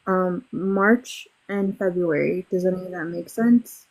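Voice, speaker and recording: A woman psychic reader opening a live reading, briskly asking the sitter to confirm dates, with many ums. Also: on the low side, low-quality recording.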